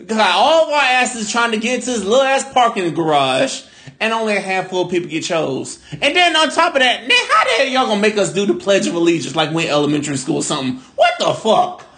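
A man co-hosting a casual podcast chat, telling stories in an animated, profane way. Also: high-pitched, fast talker. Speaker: podcast co-host.

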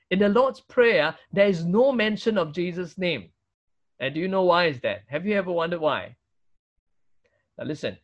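A man with a Singaporean English accent preaching a sermon, emphatic, with rhetorical questions and frequent tag "right?". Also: high-pitched. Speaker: pastor.

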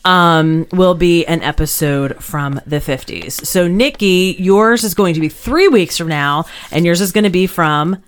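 A woman's voice: lowish voice, unhurried, few pauses, clear, resonant tone. A young woman co-hosting a casual podcast, chatty and rambling, often restarting her sentences. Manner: chatty, rambling, self-correcting. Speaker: podcast co-host.

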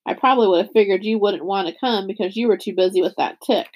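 A woman reading the part of a spirited young teen girl, lifting her voice higher and louder for the girl's lines. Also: fast, lightly acted. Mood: eager.

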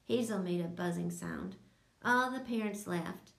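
Gravelly woman reading a kids' story. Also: lowish voice, a little slow, roomy sound. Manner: voices each character in turn. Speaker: audiobook narrator. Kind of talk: children's audiobook narration.

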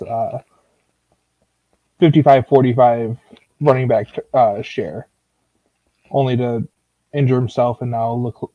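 A man's voice: mid-range voice, warm tone, no room sound, muffled recording. A man co-hosting a casual sports talk show, loose and a bit sarcastic, rambling as he talks. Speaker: co-host. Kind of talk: casual fantasy football chat.

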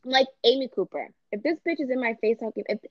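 A woman in casual podcast chat, blunt and animated, swearing freely and acting out quotes. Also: on the high side, fast talker, no echo. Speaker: podcast co-host. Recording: dull lo-fi sound.

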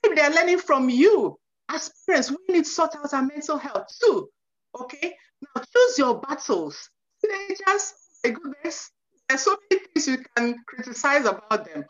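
A woman's voice: high-pitched, sing-song, moderate pace, fairly bright tone. A woman in her forties, a youth counselor, earnestly advising parents and often saying "you know". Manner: earnest, repeats "you know", acts out quotes. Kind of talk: advice talk to parents. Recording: muffled lo-fi recording.

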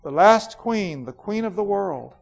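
Guy reading as a cold ruthless queen from a storybook, imperious and declaiming, a bit gravelly. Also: sits high, animated, measured pace, pitched above the performer's own voice, exaggerated voice. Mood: bitter, imperious. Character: proud, cold, ruthless ancient woman queen.

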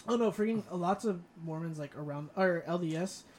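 A man from Florida, co-hosting a casual podcast chat, telling rambling stories full of fillers and quick laughs. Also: high-pitched, a little mellow, a little hiss or hum. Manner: chatty storyteller, many fillers, laughs often.

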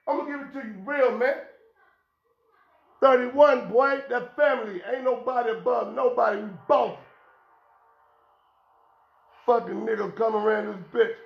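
A man's voice: very high voice, creaky, muffled recording. A man hosting his own podcast, lecturing bluntly and profanely in an unscripted rant. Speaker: podcast host. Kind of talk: unscripted street-talk rant. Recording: echoey room.

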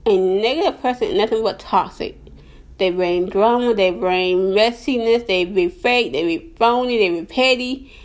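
A woman's voice: mid-range voice, moderate pace. A woman hosting her own podcast, talking earnestly and repetitively about faith and cutting out negative people. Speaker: podcast host. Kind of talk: casual faith-based podcast monologue.

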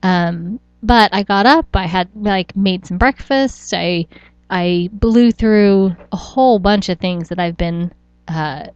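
A woman's voice: medium pitch, slow pace, smooth, dry recording, muffled recording. A woman co-hosting a podcast in casual chat, rambling and restarting her sentences with frequent small laughs. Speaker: podcast co-host.

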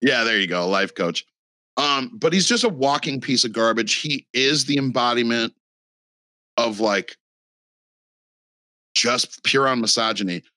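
A man's voice: medium pitch, animated, measured pace, pauses often, pushed and bright, no room sound. A man talking in a casual podcast chat, rambling and profane with lots of fillers.

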